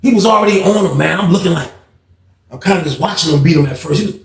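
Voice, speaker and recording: Young man, slangy storyteller who acts out every voice; slightly high pitch, roomy echo. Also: fast talker, vocal fry. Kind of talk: casual storytime monologue.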